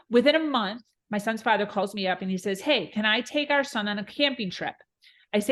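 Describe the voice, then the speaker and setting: A woman in her thirties speaks as a podcast guest, recounting her own hard past frankly and with strong feeling. Her voice sits at an ordinary middle pitch for a woman, and she tells the story in a candid, emotional way. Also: normal speed, a bit bright. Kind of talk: personal story in an interview.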